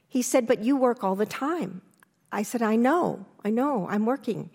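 An older woman, an interview guest, telling her story candidly and acting out remembered lines with lively restarts. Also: measured pace, pauses often, in a large hall. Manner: animated, restarts, acts out quotes with rising pitch.

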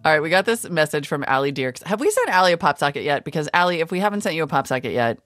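A woman's voice: low-pitched, big pitch swings, very fast, music in the background. A woman co-hosting a casual talk show from a studio, chatty and enthusiastic, prone to going off on tangents. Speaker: podcast co-host. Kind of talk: casual chat. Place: radio studio.

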